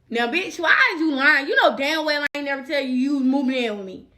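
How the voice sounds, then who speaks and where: A young woman with a high, bright voice tells a story on her vlog. She talks in a loose, profane way and keeps reaching for fillers. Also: lively intonation, brisk, few pauses. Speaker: vlogger. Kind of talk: casual storytime.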